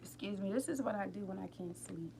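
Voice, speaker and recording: A woman hosting a casual live stream from home late at night, rambling warmly and talking straight to her viewers about healing and feelings. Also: medium pitch, fast talker, vocal fry, slight background noise. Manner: openly emotional, tearful at times. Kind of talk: casual inspirational chat.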